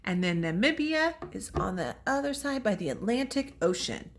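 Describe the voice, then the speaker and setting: A woman's voice: mid-range voice, sing-song, moderate pace. A woman teacher leading children through a memory lesson with chants and motions, upbeat and encouraging. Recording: echoey room, voice from far off.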